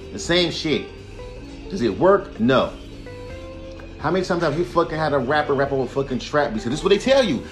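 A young podcast host, speaking alone in a voice on the slightly high side, unleashes a heated, profane rant. He sometimes mocks others using put-on voices, and faint music plays quietly underneath.

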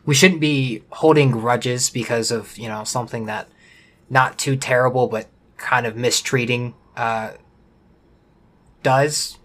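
A man co-hosts a casual podcast, speaking in a halting, unsure way and filling gaps with ums. His voice sits at an ordinary middle pitch. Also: fairly bright tone. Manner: hesitant, halting, many ums. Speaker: podcast co-host.

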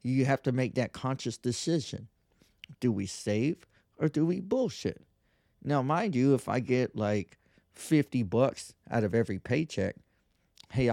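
A podcast host in his thirties speaks at medium pitch with a slightly mellow quality, recorded dry in a clean studio. His casual monologue turns into a brash, profane rant, mocking others and mimicking them with whiny voices.

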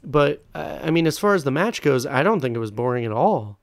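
A man's voice: a little high, animated, brisk, creaky, dry recording, studio quality. A young man co-hosting a podcast, chatting casually with short interjections and frequent fillers. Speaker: podcast co-host. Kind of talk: casual wrestling review chat.

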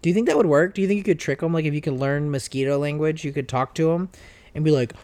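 A man's voice: a little high, fast talker, darkish tone. A man, a dad, hosting a casual podcast chat with his child, asking playful, goofy questions. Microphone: podcast microphone.

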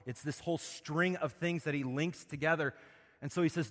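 Male pastor, slightly high voice, preaching with rhetorical questions, loud then hushed, long hall reverb. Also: moderate pace. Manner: asks the congregation questions, swings from loud emphasis to soft and low. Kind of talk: sermon.

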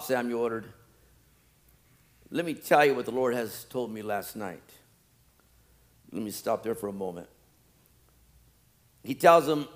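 A male pastor preaching a sermon, animated, swinging from loud pleading to quiet, low asides.

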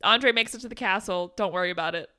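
A woman's voice: mid-range voice, fast, sharp tone, clean tone. A young woman co-hosting a podcast, chatting casually and animatedly about a film, laughing and swearing freely. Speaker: podcast co-host. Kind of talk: casual chat recapping a film.

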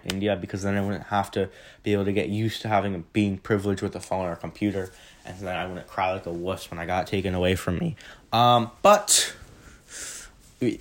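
A young man in his late teens answering questions in a casual vlog, rambling and correcting himself, recorded on a phone. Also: fairly low pitch. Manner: rambling, self-correcting, chatty.

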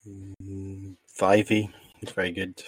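A man chatting on a podcast, soft-spoken and a bit hesitant. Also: sits low, monotone, slow, breathy edge, dry recording. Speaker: podcast regular. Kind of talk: casual chat.

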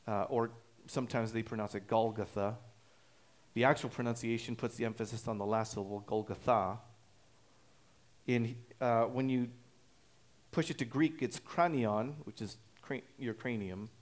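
A male pastor delivering an expository sermon, teaching in a measured, explanatory way with frequent "uh" pauses and restarts. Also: medium pitch.

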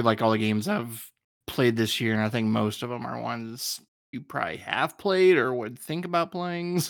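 A man on a podcast speaks in a middle pitch, hesitant and full of likes and ums. His voice is dry and close to the mic. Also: vocal fry, no echo. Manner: soft-spoken, hesitant, many likes and ums. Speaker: podcast co-host. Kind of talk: casual chat.

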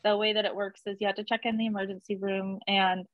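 Recounting her birth story as an interview guest, a young woman talks quickly and chattily, laughing a lot and becoming animated as she quotes people. Her mid-range voice comes through dull audio without echo.

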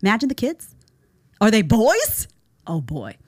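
A woman's voice: fairly high pitch, wildly swooping pitch, unhurried, a little hiss or hum. A woman hosting a reaction commentary show, talking emphatically and sarcastically, often calling people "honey" and asking her audience to agree. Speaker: show host.

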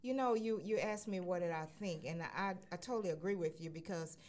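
Earnest woman with a lower voice. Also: darkish tone. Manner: earnest, halting with fillers. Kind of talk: casual personal testimony.

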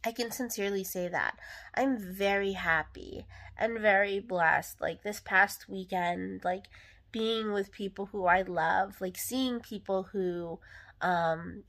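A young adult woman hosts a casual solo podcast in a medium-pitched, fairly bright voice, talking candidly and ramblingly with lots of fillers.

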